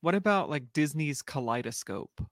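A man's voice: fairly high pitch, animated, normal speed, fairly bright tone, no room sound. Hesitant man thinking aloud, dry sound. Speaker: podcast guest. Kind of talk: casual chat.

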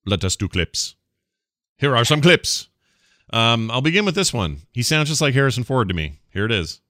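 A man hosting a podcast, joking sarcastically about film clips and slipping into quick impressions. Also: mid-range voice, big pitch swings, pushed and bright, no echo, clean studio sound. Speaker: podcast host.

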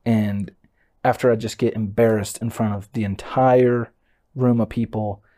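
A young man in a casual chat, telling a story quickly and matter-of-factly. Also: on the low side, fairly even intonation, dark tone.

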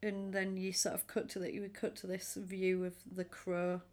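Woman, low voice, casual podcast chat, animated, recaps film scenes. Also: normal speed. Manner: chatty, animated, acts out her own reactions in asides. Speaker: podcast co-host.

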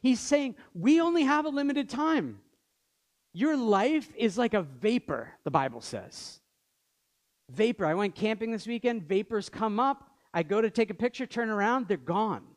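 A man's voice: sits high, lively intonation, moderate pace. A man in his thirties preaching a sermon in a conversational way, with joking asides. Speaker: pastor.

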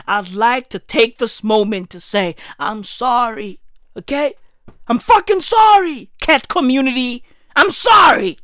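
A woman rants comically, swearing often and bursting into shouts. Her delivery is slow and sits a little high. The sound is dry and close, with no room echo. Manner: loud, profane, often breaks into shouting. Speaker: vlogger. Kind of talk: comedic rant.

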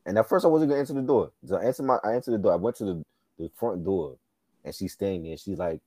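A man's voice: fairly low pitch, lively intonation, fast talker, mellow, breathy edge, dry recording. A young man, telling a story in casual podcast chat and stumbling over his sentence starts. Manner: storytelling, repeats words while starting sentences.

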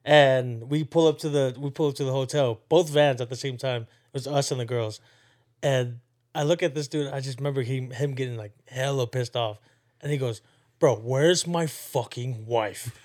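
A young man in casual podcast chat, telling a story in an excitable way and laughing through it. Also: medium pitch, brisk.

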